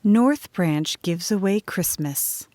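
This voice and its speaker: A woman narrating a children's storybook in a calm, measured reading. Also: fairly low pitch, dry recording. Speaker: audiobook narrator.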